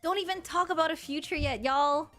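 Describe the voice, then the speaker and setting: A woman's voice: sits high, fairly quick, sharp tone, soft background music. A woman in her thirties, a streamer in casual chat with her viewers, talking in a blunt, sassy and crude way and laughing often. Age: 30s.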